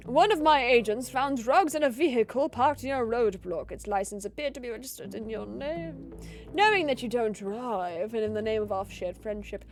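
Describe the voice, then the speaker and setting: A woman voicing a stern male police inspector who speaks in a cold, measured, quietly menacing way. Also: a little high.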